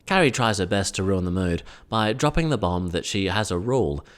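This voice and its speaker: A man's voice: deep voice, lively intonation, brisk. A man giving a comedic, sarcastic recap of a TV episode, full of wry asides. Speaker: recap vlogger.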